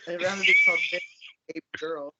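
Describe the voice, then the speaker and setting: A woman's voice: fairly low pitch, huge pitch swings, fast talker, highs cut off, noisy background. A woman chatting casually on a podcast, blunt and laid-back, swearing offhand. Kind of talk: casual chat.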